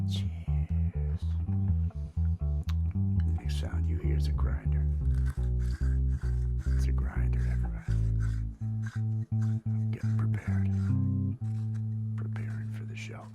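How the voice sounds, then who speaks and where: A man hosting a casual comedic livestream, murmuring asides and then greeting viewers loudly and cheerfully. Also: low voice, animated, takes it slowly, long pauses, loud music behind the voice. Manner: mumbled whispering asides before the show; loud upbeat show greeting. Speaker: livestream host.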